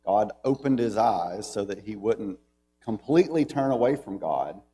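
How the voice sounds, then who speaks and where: A low-voiced man with a Southern American accent teaches a church Bible class in a relaxed, conversational way. He reads scripture aloud with emphasis in a mellow, warm tone. A faint hum sits under the recording. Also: moderate pace.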